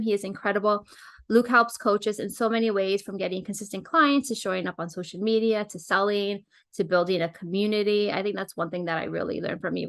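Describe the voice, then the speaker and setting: A woman's voice: mid-range voice, fairly bright tone. Chatty enthusiastic woman podcast host. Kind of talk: casual podcast interview.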